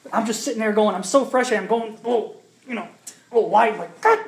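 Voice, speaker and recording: A man's voice: high-pitched, brisk, creaky, slight background noise. Male pastor, chatty sermon voice that builds to emphatic preaching, echoey room. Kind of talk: sermon with personal story.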